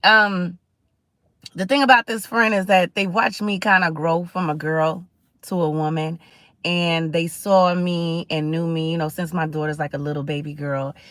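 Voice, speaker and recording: A woman's voice: low voice, fairly even intonation, moderate pace, fairly bright tone, no echo, studio quality. A middle-aged woman hosting a casual livestream, talking in a chatty, preachy way and greeting viewers. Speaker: livestream host.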